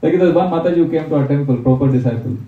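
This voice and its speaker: A man's voice: a little high, rapid-fire, phone-quality sound. A man telling stories of monastery life in a spiritual talk, acting out the people he quotes. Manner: warm anecdotal storytelling, acts out the people he quotes. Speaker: monk giving a spiritual talk. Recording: roomy, distant mic.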